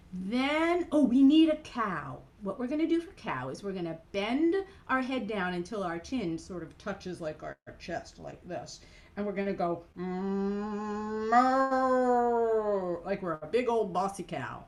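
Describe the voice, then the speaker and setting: A woman's voice: medium pitch, a little mellow. A woman cantor leading a playful children's program over a video call, animatedly guiding kids through movements.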